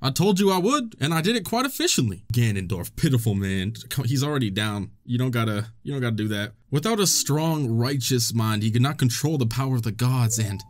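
A man's voice: mid-range voice, lively intonation, brisk, few pauses. A young man hosting a let's-play, commentating casually and joking back at the game's characters. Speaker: gaming channel host.

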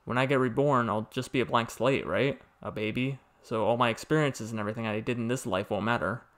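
A man's voice: mid-range voice, fairly quick, a bit bright, close to an everyday voice. A man voicing a recently deceased man in his forties, asking uncertain, bewildered questions. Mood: puzzled.

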